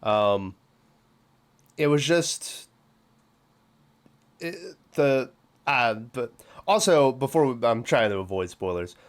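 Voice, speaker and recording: A man's voice: medium pitch, animated, slow, long pauses. A man hosting a casual movie review podcast, chatty and laughing often, swearing freely. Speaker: podcast host.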